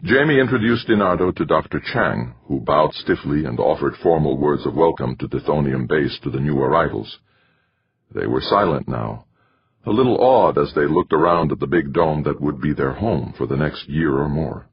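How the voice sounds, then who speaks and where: A man narrating an audiobook in a steady, measured reading. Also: extremely low pitch, slightly rough. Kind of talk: scripted narration. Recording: dry, slightly muffled recording.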